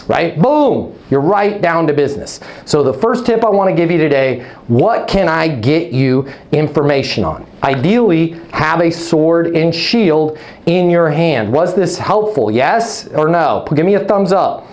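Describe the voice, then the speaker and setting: A man giving a live online leasing training, energetic and punchy, checking in with "okay? right?" and hyping up his listeners with playful nicknames. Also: on the high side, a little slow.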